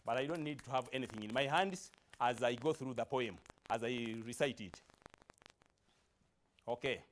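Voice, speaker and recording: A man's voice: medium pitch, normal speed, a little hiss or hum. A man teaching a primary lesson for broadcast. He speaks emphatically and repeats key phrases to coax the children. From Uganda.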